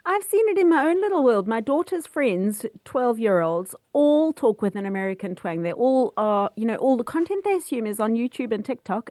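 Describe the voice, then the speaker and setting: A woman's voice: fairly high pitch, a little mellow, no echo. A woman co-hosting a science podcast, chatting and putting listener questions to her co-host. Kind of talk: casual chat.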